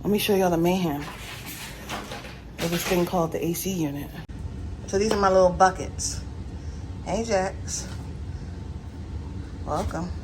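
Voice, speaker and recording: A woman's voice: fairly low pitch, measured pace, pauses often, noisy background. A woman vlogging at home, chatting and laughing with her viewers while sweaty from yard work. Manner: chatty, laughs often, talks to viewers as y'all. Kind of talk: casual chatty vlog. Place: at home, in the backyard and indoors.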